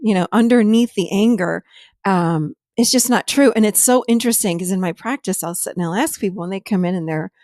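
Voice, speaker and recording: A middle-aged woman hosting a podcast, telling stories from her therapy practice in an animated way and sometimes laughing as she talks. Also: medium pitch, fairly quick, no echo, studio quality. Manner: animated storytelling, laughs while talking. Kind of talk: casual chat.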